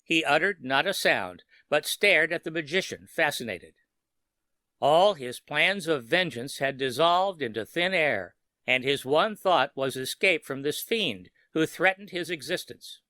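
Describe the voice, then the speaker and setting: A man narrating a scripted horror story for sleep in a steady, measured way. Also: a little high, no room sound.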